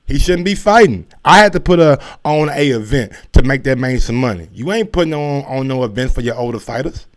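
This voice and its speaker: A man's voice: mid-range voice, lively intonation, fairly quick, hardly any pauses. A man hosting a casual sports commentary show, talking in a laid-back, slangy way with lots of fillers and restarts.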